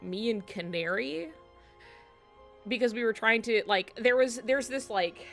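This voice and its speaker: Giggly woman streamer over game music. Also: mid-range voice. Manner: giggly, animated storytelling. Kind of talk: casual chat while playing a video game.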